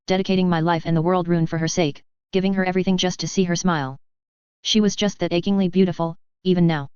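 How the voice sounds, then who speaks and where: Smooth low-voiced woman reading a story. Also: darkish tone, dry recording, dull audio. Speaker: reader. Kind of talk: audiobook reading of fan fiction.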